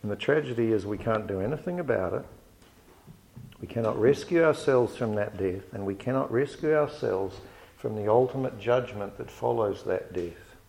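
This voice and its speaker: A man preaching a sermon in an earnest, measured way, reading scripture aloud and building to emphatic rises. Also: fairly low pitch, gravelly, a little mellow, low-quality recording.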